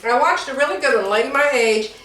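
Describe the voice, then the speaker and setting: Her high voice moves at a quick pace and sounds a bit bright, picked up from well away from the mic, giving a roomy feel. She's an older woman chatting and laughing her way through a rambling home sewing vlog.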